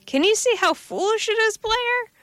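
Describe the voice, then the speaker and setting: A woman voicing a sharp, impatient man demanding answers from his friend in a read-aloud story. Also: extremely high pitch, expressive, normal speed, dry recording, pitched above the performer's own voice.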